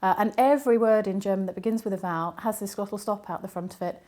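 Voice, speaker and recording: A woman linguist answering interview questions, explaining patiently with frequent ums and pauses. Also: medium pitch, steady tone, darkish tone. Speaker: linguist and university academic.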